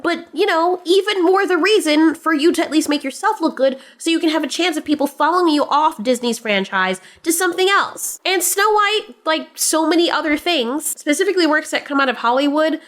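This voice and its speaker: A woman's voice: high-pitched, a little fast, few pauses, fairly bright tone. A woman hosting an opinion commentary vlog, talking in a blunt, sarcastic way and swearing freely. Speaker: commentary channel host.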